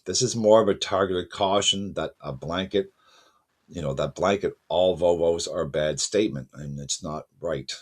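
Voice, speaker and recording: A man's voice: deep voice, normal speed. A man hosting a car news channel, talking casually to his viewers and correcting himself as he goes. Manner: conversational, self-correcting, addresses viewers as folks. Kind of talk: casual spoken commentary to camera.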